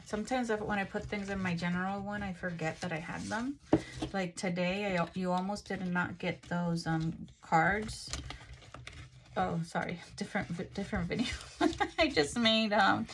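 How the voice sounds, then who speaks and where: A woman's voice: medium pitch, background noise. A woman from Rico, chatting casually as she unwraps and reads out craft haul items. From Puerto Rico. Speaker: craft channel host.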